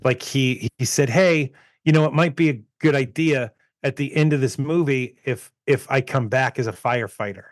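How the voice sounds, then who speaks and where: Male podcast co-host, mid pitch, chatty storyteller, laughs often, dry close mic. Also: normal speed, no room sound. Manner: rambling, laughing often, retelling anecdotes. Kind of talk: casual chat.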